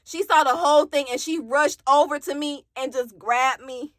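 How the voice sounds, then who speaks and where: A woman's voice: high voice, moderate pace, no echo. A woman from Alabama, telling her own story on camera in a raw, candid way, cursing and talking straight to her viewers. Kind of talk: emotional personal storytime.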